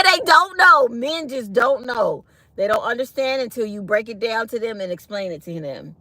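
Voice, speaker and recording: A woman vlogger telling a personal story in a casual, animated way, laughing often and quoting others. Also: mid-range voice, dry recording.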